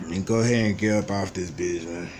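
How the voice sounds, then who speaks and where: This vlogger is a twenty-something man whose voice sits low, brisk and a little mellow. He vents about his life in a blunt, expletive-heavy monologue full of frustration, and there's a bit of background noise.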